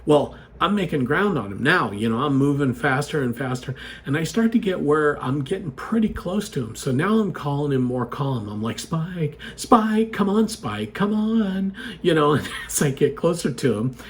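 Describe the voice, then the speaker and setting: A man telling a personal story in a casual, chatty way, animated and full of asides to the listener. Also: on the high side, normal speed. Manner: chatty, animated retelling with frequent "you know" asides.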